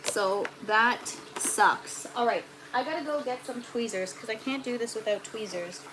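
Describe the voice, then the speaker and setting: Speaking unhurriedly in a highish voice, this woman in her 30s chats with livestream viewers while tending her indoor grow tent. She reads their comments out loud in a chatty, casual way, and there's noise in the background.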